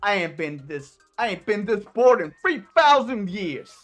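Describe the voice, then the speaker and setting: A woman's voice: mid-range voice, very animated, measured pace, soft background music. A woman voicing a brash, bored male penguin boss who talks in a slangy, teasing street drawl. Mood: swaggering.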